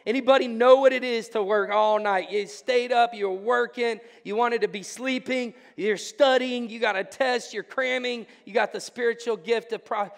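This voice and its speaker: A pastor preaching a sermon, joking with the congregation and building to fervent, emphatic preaching in a church. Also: male voice, very high-pitched, fairly even intonation, normal speed, gravelly, hardly any pauses. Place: church sanctuary. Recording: church hall with long reverb.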